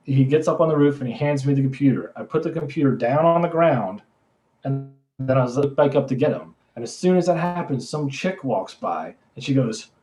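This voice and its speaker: A man's voice: mid-range voice, animated, brisk, darkish tone, faint music behind. Brief: young guy, mid-range voice, loose rambling storyteller on a chat podcast. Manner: rambling, full of "like" and self-corrections. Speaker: podcast co-host. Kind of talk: casual storytelling.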